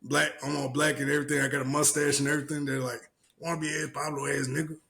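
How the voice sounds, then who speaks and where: A young man co-hosting a casual podcast, telling stories with lively, shouted quotes. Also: on the high side, fast. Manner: animated storyteller, acts out shouted quotes. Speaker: podcast co-host.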